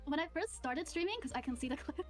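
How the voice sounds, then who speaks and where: A woman's voice: sits high, fast talker, over music. A woman streamer chatting on a stream, rambling with lots of fillers and frequent laughs. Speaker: streamer guest. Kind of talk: casual stream chat.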